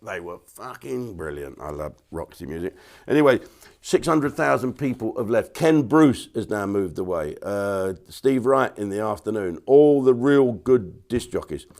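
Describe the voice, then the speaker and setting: A man's voice: fairly low pitch, expressive, a little slow, darkish tone. A man, delivering a blunt, crude comedic rant to camera. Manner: blunt, crude and jokey, with asides and restarts.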